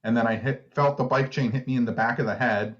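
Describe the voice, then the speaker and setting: A man's voice: medium pitch, steady tone, fast talker, muffled recording. A man co-hosting a podcast, telling stories in laid-back casual chat and laughing at himself. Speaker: podcast co-host.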